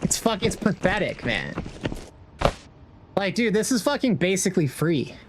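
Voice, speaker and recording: A man's voice: high-pitched, sing-song, moderate pace. Foul-mouthed young man rambling, noisy stream audio. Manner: rambling, heavy swearing, slangy. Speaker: game streamer. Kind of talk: casual chat while gaming.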